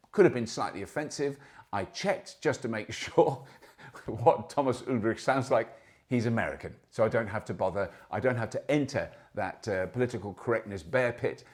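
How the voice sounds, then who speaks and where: A man in his sixties hosting a show, giving casual news commentary with chatty, anecdotal asides. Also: lowish voice. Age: 60s. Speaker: show host.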